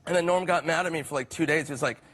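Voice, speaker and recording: A man, a comedian, telling a casual anecdote with laughter and quick quoted asides. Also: on the high side, a bit bright.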